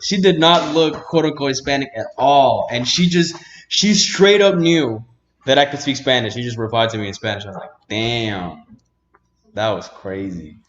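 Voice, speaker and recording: A man hosting an interview, telling stories in a relaxed, slangy, casual way. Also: medium pitch, normal speed. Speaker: podcast host. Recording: dull, slightly echoey room.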